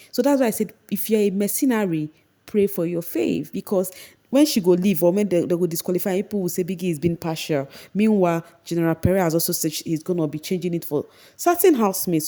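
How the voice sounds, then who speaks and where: A young Nigerian woman chatting casually as she recaps a reality show, retelling scenes with lively energy. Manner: animated retelling, acting out quotes in a high voice. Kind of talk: casual commentary.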